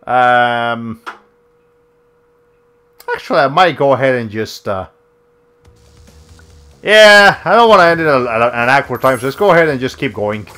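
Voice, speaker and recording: A young man streams a video game with casual, rambling commentary, full of fillers and often cutting himself off mid-sentence. His mid-range voice is very animated, bright, and forceful, but unhurried, with long pauses.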